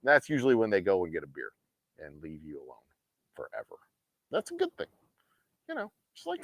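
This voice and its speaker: A man rants on a game night livestream, swearing freely and slipping into sarcastic mock quotes. His pitch leaps up and down wildly as he gets worked up. The sound is dry and close, with no room echo. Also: a little fast, creaky, long pauses, slightly rough. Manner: profane, animated ranting with sarcastic mock quotes. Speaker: host of a game night stream. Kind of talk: casual ranting chat on a livestream.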